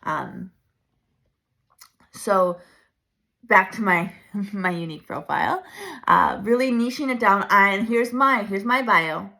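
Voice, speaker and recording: A woman in her thirties coaching her viewers in a chatty, animated way, laughing often. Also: medium pitch, slow, creaky, long pauses. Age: 30s. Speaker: branding coach. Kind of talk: casual coaching talk to camera.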